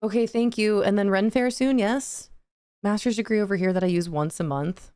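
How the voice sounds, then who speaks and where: A woman's voice: medium pitch, normal speed, warm tone, smooth, no echo, clean studio sound. A young woman hosting a cozy game livestream, chatting with her viewers, reading their messages aloud and laughing often. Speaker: livestream gaming host. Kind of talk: casual chat with live chat.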